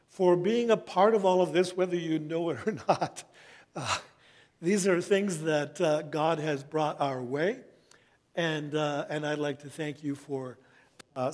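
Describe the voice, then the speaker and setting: A middle-aged man preaching a sermon as pastor, speaking in a measured, earnest way and reading scripture slowly. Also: fairly high pitch, darkish tone.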